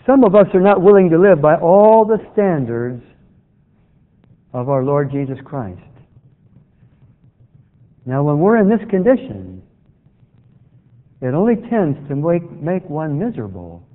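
High-voiced preacher man, lively delivery. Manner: quotes scripture in a slow measured cadence. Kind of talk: sermon. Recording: tinny phone-like sound with long reverb.

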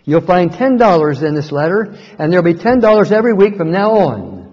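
A man voicing a poor, devout elderly woman who speaks plainly and trustingly, with gentle humor, in a told story. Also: sits high, big pitch swings, brisk, long reverb tail, muffled recording. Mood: pleased.

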